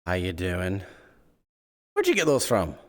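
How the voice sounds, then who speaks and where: A man hosting a casual game roleplay stream, animated and jumping between loud greetings and muttering to himself. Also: low-pitched, a little slow.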